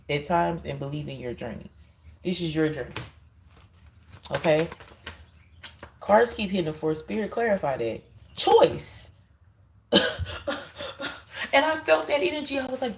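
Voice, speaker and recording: Gravelly-voiced woman giving a card reading. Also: fairly low pitch, darkish tone, slight background noise, rough recording. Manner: emphatic, repetitive, talks straight to viewers. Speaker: intuitive card reader. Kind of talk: spiritual card reading monologue.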